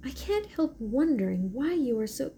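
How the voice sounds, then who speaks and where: A woman's voice: high voice, big pitch swings, normal speed, dark tone, a little hiss or hum, pitched above the performer's own voice. A woman reading the lines of a shy, curious young woman in a novel, hesitant and stammering. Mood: wondering.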